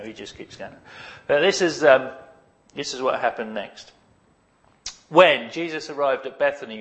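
A man preaching a sermon to his congregation. He is animated, asks rhetorical questions, and drops in humorous asides. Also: medium pitch.

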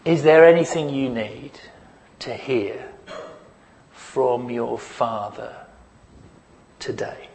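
A man preaching a sermon as pastor, earnest and questioning, leading the listeners into a quiet reflection. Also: medium pitch, slow, creaky, pauses often, slight background noise, rough recording.

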